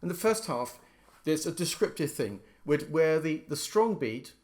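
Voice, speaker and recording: A man's voice: on the high side, lively intonation, a little slow, a little mellow. A middle-aged man giving an informal lecture as a musician, explaining by speaking out the stresses he describes. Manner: explains by demonstrating stresses aloud. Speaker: lecturer and violinist.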